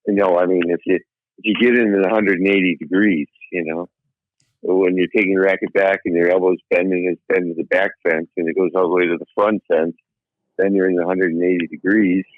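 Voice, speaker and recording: A man's voice: deep voice, steady tone, brisk, no room sound. Older man on a tinny phone line. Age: 70s. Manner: rambling storyteller, tells jokes with voices. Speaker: tennis coach guest. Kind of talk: casual podcast chat.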